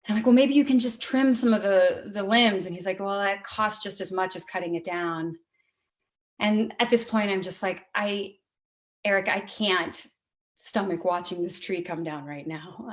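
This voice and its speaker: A woman's voice: medium pitch, moderate pace. Woman storyteller, mid-range voice, candid and conversational, for a live true-story night.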